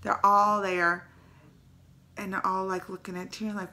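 A woman hosting a casual reaction video, retelling a story in an excitable, emotional way with dialect phrases and a creaky, teary edge. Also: mid-range voice, moderate pace. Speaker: YouTube reaction host.

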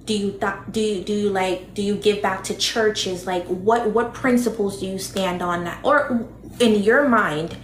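A woman interviewer asking questions in a halting way with many fillers. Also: medium pitch. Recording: echoey room with faint noise.

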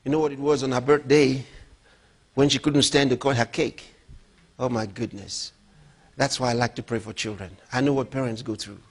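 A middle-aged man preaching a sermon as a pastor, emphatic, moving between loud outbursts and low, quiet storytelling. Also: fairly even intonation, moderate pace.

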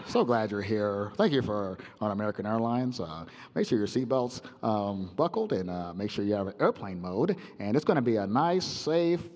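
A man's voice: lowish voice, darkish tone, big-room sound, voice pushed down, close to an everyday voice. A man voicing a rambling male airline captain talking over the intercom, drawling and full of fillers.

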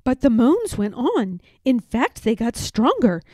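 A woman reading a rhyming children's book aloud in a rhythmic, steady way. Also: fairly high pitch, a little slow, no room sound. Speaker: storybook reader.

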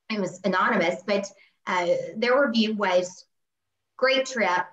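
A woman's voice: mid-range voice, a bit bright, echoey room, muffled recording. An American woman, a historian and tour manager, speaking earnestly and candidly in a panel discussion over a video call. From United States. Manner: earnest, candid, with frequent restarts.

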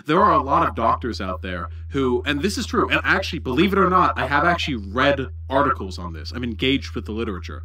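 A man's voice: medium pitch, sing-song, fast, hardly any pauses, pushed and bright, breathy edge. A man giving livestream commentary on a video, mocking and swearing as he talks.

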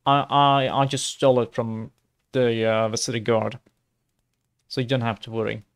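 A young man casually commenting on his gameplay in a chatty, rambling, low-key way. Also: little pitch movement, normal speed, smooth. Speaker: let's play host.

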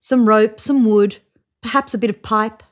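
A woman's voice: on the high side, fairly even intonation, normal speed, lightly acted. A woman doing a musing old inventor. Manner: musing, muttering to himself. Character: old male inventor, pondering and chuckling.

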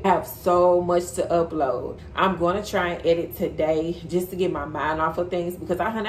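A woman's voice: low voice, slight background noise. A young woman vlogging at home, talking candidly and chattily to her viewers in a slangy, casual way. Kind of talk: casual chat to camera. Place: bedroom floor at home.

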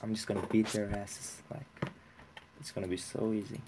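A young man giving casual, profane commentary while playing a game, excitable and talking to himself. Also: on the low side, moderate pace, creaky, noisy background. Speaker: let's play gamer.

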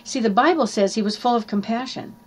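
A woman's voice: a little high, brisk. Earnest woman preaching a sermon. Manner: earnest, teaching, reads scripture aloud with small slips.

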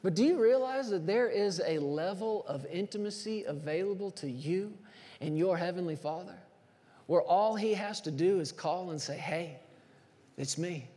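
A man preaching a sermon as pastor, animated and acting out everyday scenes. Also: sits high, normal speed. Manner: animated storyteller, acts out phone calls. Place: church sanctuary. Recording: long church reverb.

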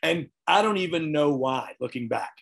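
A man's voice: on the high side, expressive, moderate pace, gravelly, a bit bright, a little hiss or hum. A man, talking candidly and earnestly as an interview guest. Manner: earnest, folksy, frequent "you know what I mean". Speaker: guest, retired wrestler.

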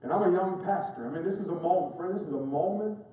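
A man's voice: high voice, fast, dark tone. A man preaching a sermon as a pastor, telling a story with passion and building to emphatic peaks in a large chapel. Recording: echoey chapel, voice from far off.

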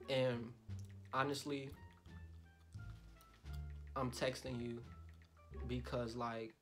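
A young man vlogs in a loud, joking voice full of swearing, then turns soft and mock-tender when he reads out his messages. His voice sits at an average pitch, and music plays clearly behind him. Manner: loud, profane and joking, swings to soft mock-romantic reading. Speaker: YouTuber. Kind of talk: casual vlog talk.

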